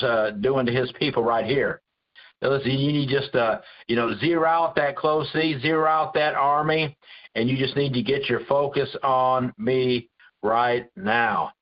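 A man teaching a Bible study in a conversational preaching style, earnest and full of restarts and repeated words. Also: mid-range voice. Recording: dull lo-fi recording.

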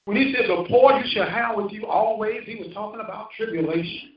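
A high-pitched man in his fifties preaches a little fast, using call-and-response and emphasis that rises and falls. He's in a church sanctuary, heard through a distant, roomy, muffled recording.

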